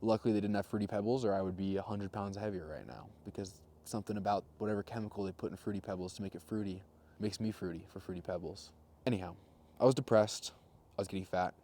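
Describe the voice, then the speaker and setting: Wry young man, low mellow voice. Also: fast. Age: 20s. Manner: wry, self-mocking storyteller with deadpan jokes. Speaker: vlogger. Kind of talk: casual rambling monologue.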